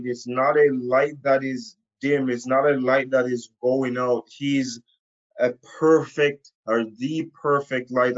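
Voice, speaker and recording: A man delivers a Bible lesson straight to camera from a room, taking his time over every phrase. He leans on repetition to drive each point home, at an unhurried pace and an ordinary middle pitch. The sound is a little dull and lo-fi. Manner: slow, emphatic, repeats key phrases. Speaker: preacher. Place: indoor room.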